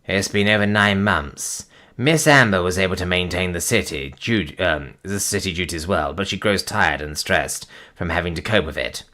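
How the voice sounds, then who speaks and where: A loyal creature helper from a comic speaks earnestly and plainly, as a man reads it on a live stream. The voice sits low with a bright edge. There is little put-on about it. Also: normal speed.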